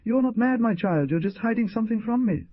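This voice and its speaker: A man voicing a kind, fatherly frontier hunter who gently coaxes his daughter, in an audiobook. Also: very high voice, animated, a little fast, dry recording, lo-fi sound, voice pushed up. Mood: coaxing. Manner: coaxing, affectionate. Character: warm old trapper, fatherly and caring.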